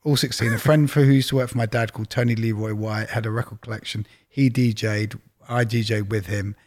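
A middle-aged man, a guest telling anecdotes in a relaxed interview, chatty and prone to playful exaggeration. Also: on the low side, a little fast. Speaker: record label executive, guest. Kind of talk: casual interview storytelling.

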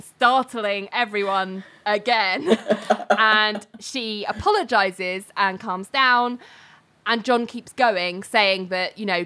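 A woman's voice: medium pitch, sharp tone. Woman co-host retelling an episode in loose, chatty, giggly storytelling. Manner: chatty storytelling, many fillers, frequent laughter. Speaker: podcast co-host recapping a TV episode. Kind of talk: casual chat.

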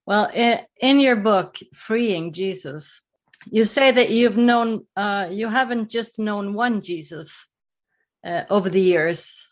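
A woman hosts an interview at an unhurried pace. Her voice sits in a middle pitch, and she asks measured questions, with light laughter along the way. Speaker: interviewer host.

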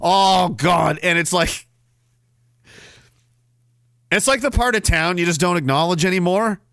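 Bright, sarcastic ranting man. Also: sits high, unhurried, dry recording, clean studio sound. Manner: sarcastic, ranting, bursts into shouting. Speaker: podcast host. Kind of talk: ranting commentary.

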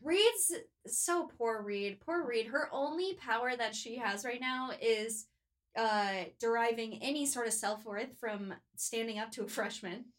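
A woman's voice: on the high side, a little slow. A young woman co-hosting a podcast, chatting casually about a book with snarky jokes. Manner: snarky, joking. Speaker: podcast co-host. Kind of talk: casual book-discussion chat.

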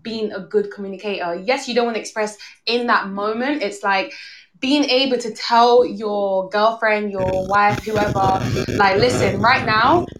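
A woman on a podcast panel, giving her view in a measured, thoughtful way. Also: medium pitch, steady tone. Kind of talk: casual chat. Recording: echoey room.

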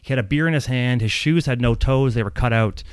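A man's mid-range, clean-toned voice moves a little fast as he recounts a long personal story, rambling and animated, swearing a lot and laughing throughout. No room sound is present.

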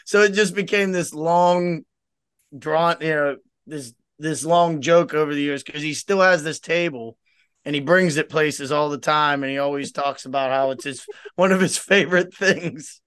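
A man's voice: a little high, moderate pace, clear, resonant tone, dry recording. A man co-hosting a casual fishing podcast, telling a story with plenty of laughter and acting out what his father said. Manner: laughing storyteller, lively impressions of his dad. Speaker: podcast co-host; tournament organizer. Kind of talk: casual chat.

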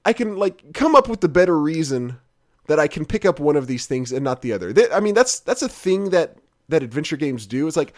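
Man, casual podcast host, rambling, swears a lot, slightly higher voice. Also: very animated, a little fast. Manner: rambling, swears freely, restarts often. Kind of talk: casual chat.

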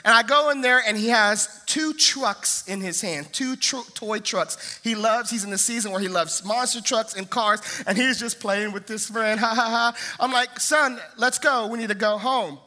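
A young man preaches with a high, ringing voice and a sharp, forceful edge. He tells family stories with animated energy and acts out the voices of the people in them, then turns to his message. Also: normal speed, few pauses. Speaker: pastor. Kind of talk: sermon with personal stories.

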